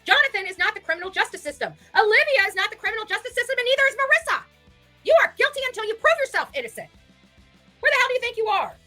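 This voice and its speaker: A woman's voice: very high-pitched, big pitch swings, rapid-fire, pushed and bright, faint music behind. Emphatic, combative woman in her forties. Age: 40s. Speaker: online streamer. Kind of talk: indignant livestream rant.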